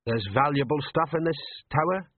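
A man reading an audiobook, voicing a blunt, suspicious thug who talks in a gruff, mocking way. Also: fairly high pitch, moderate pace, dry recording, narrow, tinny audio, voice pushed up, close to an everyday voice.

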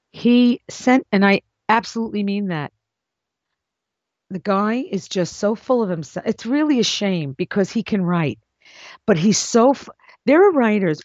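A woman's voice: fairly low pitch, darkish tone, no room sound. A woman hosting an advice show in a casual monologue, blunt and emphatic, her voice swooping up into exclamations. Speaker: podcast host and script consultant. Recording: dull lo-fi dry recording.

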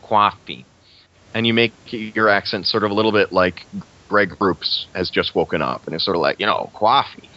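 Brief: young man, low voice, loose rambling podcast talk, muffled lo-fi audio. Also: steady tone, moderate pace, bright, forceful tone. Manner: rambling, frequent restarts and laughs. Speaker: guest actor. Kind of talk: casual podcast chat. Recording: lo-fi muffled recording.

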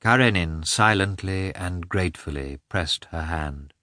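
A man narrating an audiobook in a measured, subdued reading voice. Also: sits low, expressive, fairly bright tone, no echo, studio quality. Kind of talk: scripted narration.

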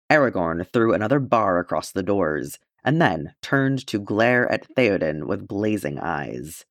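Male narrator, low, expressive, dry close mic. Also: a little slow, few pauses, no room sound. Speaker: audiobook reader. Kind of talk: fan fiction audiobook narration.

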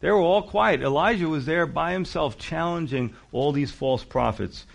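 A male pastor preaches with animated, emphatic energy and breaks into casual asides. His voice sits a touch higher than most men's. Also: normal speed, creaky. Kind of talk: sermon.

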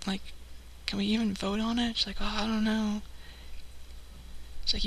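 Woman from California, casual storyteller, gravelly fry, bright edge, lots of "like". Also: mid-range voice, level tone, normal speed, pauses often, a little hiss or hum, low-quality recording. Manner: chatty, acts out quoted people, many "like" fillers. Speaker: live stream host.

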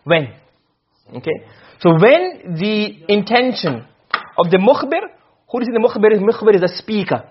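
A man with a high-sitting, very animated voice delivers a classroom lecture on Arabic rhetoric, speaking a little slowly amid slight background noise on a dull lo-fi recording. He explains step by step, acts out short quoted exchanges, and often checks that his students are following.

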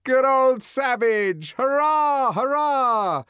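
A man's voice: very high voice, expressive, extremely slow, sharp tone, smooth, no echo, clean studio sound, pitched above the performer's own voice, heavily acted. A man voicing a jeering crowd of sightseers, chanting mockingly in a heavy rhythm.

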